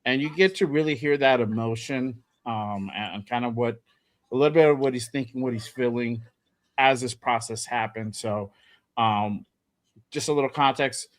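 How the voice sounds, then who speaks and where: A man hosts a laid-back sports talk podcast at a middle pitch. He rambles in a relaxed way and uses lots of "um" and "like.". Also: moderate pace. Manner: relaxed, rambling, frequent fillers. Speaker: podcast host.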